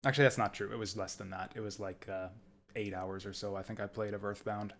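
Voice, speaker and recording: A man's voice: on the low side, steady tone, fast, a bit bright, a little hiss or hum. A man chatting casually and rambling as he streams a video game. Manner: chatty, rambling, laughs often.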